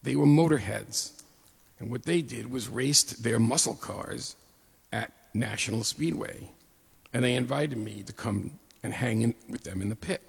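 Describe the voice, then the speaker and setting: A man's voice: mid-range voice, a little slow, creaky, husky. A middle-aged man, telling a personal story to an audience with humor and animation. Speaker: speaker telling his life story. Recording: long hall reverb.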